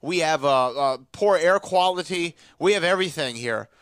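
Male podcast host, nasal and playful, slightly high, dry close sound. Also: lively intonation, normal speed, a bit bright, clear, resonant tone, no room sound. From Houston, Texas. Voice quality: nasal from allergies. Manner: playful, teasing, trails off into mumbles. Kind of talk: casual chat.

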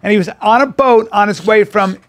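A man's voice: sits high, fairly quick, slight background noise. A man co-hosting a podcast in casual banter, telling profane stories and acting out what people said. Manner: profane, animated storyteller who acts out quotes. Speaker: podcast co-host.

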